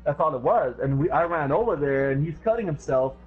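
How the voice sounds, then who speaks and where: A young man hosting a casual podcast talk, telling animated stories and saying bro a lot. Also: fairly high pitch, a little fast, breathy edge. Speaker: streamer and podcast host. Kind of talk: casual chat, storytelling. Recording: dull lo-fi stream audio. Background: faint music.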